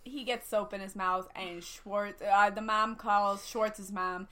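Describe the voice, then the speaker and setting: Bright-voiced woman recapping a movie. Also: medium pitch, steady tone, takes it slowly. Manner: retells scenes with filler ums. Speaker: podcast co-host. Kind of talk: casual movie recap chat.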